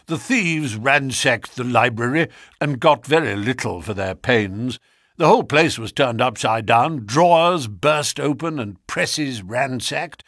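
A man's voice: a little high, a bit bright, breathy edge, no room sound, clean studio sound, heavily acted. A man voicing a genial older country colonel, talking in a matter-of-fact way.

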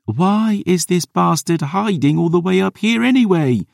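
A man voicing a blunt young woman in an audiobook, griping in a high, loud, exasperated voice. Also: lively intonation, moderate pace, gravelly, no echo, clean studio sound, full character voice. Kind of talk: audiobook character reading.

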